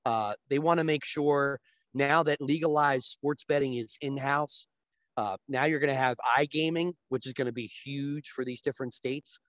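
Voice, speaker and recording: A man's voice: mid-range voice, steady tone, moderate pace, fairly bright tone, no room sound. A man as a guest, explaining sports betting in casual chat with long, restarting sentences.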